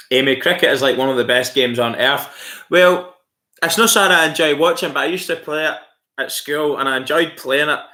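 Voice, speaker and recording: Scottish male streamer, bright and forward tone, easygoing chat with his viewers. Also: medium pitch, normal speed. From Scotland. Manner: friendly and chatty, calls viewers mate, laughs often. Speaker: livestream host. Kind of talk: casual chat reading out viewer comments.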